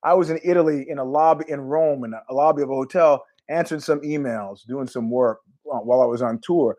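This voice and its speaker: A man's voice: medium pitch, a little fast. A man hosting a podcast in a casual, rambling monologue, swearing and trailing off in asides. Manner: rambling, profane, animated asides. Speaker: podcast host.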